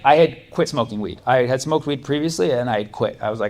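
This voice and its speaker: A man's voice: medium pitch, a little fast, few pauses, darkish tone. A young man doing a stand-up comedy set on a club stage, chatty and loose, laughing through his punchlines. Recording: live club recording with audience noise.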